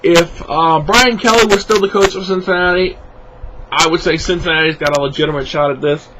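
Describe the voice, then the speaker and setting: With a fairly high, steady voice and a brisk pace, a man rambles casually through his football picks over background noise. He's a tired, yawning sports vlogger whose spoken predictions are packed with fillers and restarts as he corrects himself.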